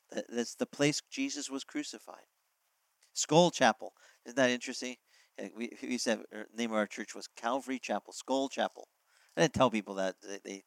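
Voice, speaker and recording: A man's voice: mid-range voice, dry recording, poor audio. A man preaching a sermon as pastor, explaining scripture in a conversational way, asking the congregation questions and acting out quoted lines.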